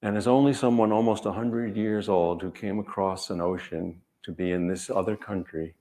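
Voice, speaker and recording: A man, an author, speaking to an audience in a measured, earnest way, telling stories and repeating key phrases. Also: on the low side, steady tone, warm tone. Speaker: author giving a reading and talk. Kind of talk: reflective storytelling talk to an audience.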